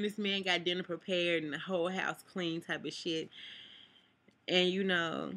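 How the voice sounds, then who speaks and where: Young woman, vlogger, bright voice, rambling, lots of "like", emotional confession to camera. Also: medium pitch, fairly even intonation, moderate pace, slight background noise. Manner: rambling, fills with "like", near tears at times. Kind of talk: emotional personal vlog talk. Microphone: camera mic.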